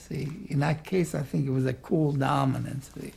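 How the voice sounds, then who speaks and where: An older man with a gravelly, husky voice recalls his teaching days in a loose, rambling way. He keeps tossing in "see" and "you know" as he talks through an archival oral history interview. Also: mid-range voice, fairly even intonation, normal speed, hardly any pauses, a little mellow. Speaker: former art school president.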